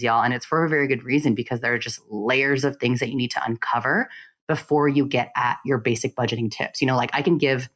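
A woman guest in a casual interview, telling her story in an animated, expressive way and acting out quoted asides. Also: rumbling low. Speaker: podcast guest.

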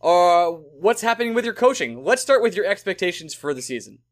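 Lively high-voiced male podcast host. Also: brisk. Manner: animated, jokey, stumbles over names. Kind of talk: casual sports podcast chat.

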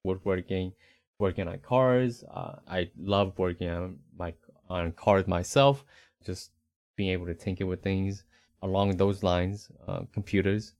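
A man with a faint Rhode Island accent talks in a casual, rambling way as a podcast co-host. His voice sits low and deep. The recording is dry and close, with no room sound. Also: steady tone, measured pace, darkish tone, no room sound. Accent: slight Rhode Island. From Northeast United States. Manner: rambling, self-correcting, easygoing.

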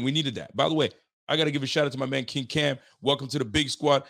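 A young man hosting a casual sports fan livestream, reading viewer messages and talking in excited slang with frequent restarts. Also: mid-range voice, fast talker, vocal fry.

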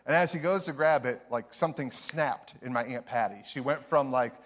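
A young man preaching a sermon, telling a story with animated energy, often laughing. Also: medium pitch, brisk. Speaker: pastor.

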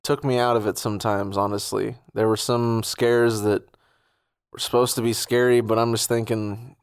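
Easygoing guy chatting about a movie, mid-pitched voice, agrees a lot. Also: flat delivery, smooth, dry recording, studio quality. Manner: laid-back, agreeable, quick to laugh. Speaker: movie review podcast co-host. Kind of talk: casual chat.

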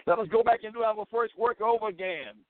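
A man's voice: high-pitched, brisk, no room sound. A man preaching a radio sermon with fervor, sprinkling in "amen" and "praise the Lord" as he exhorts his listeners to pray. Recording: tinny phone-like radio sound.

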